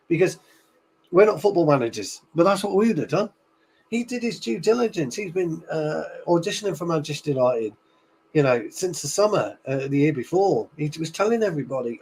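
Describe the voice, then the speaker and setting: A man's voice: fairly high pitch, animated, brisk, darkish tone, a little hiss or hum, rough recording. Emphatic man who repeats himself. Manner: emphatic, repeats words for stress. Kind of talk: casual fan chat.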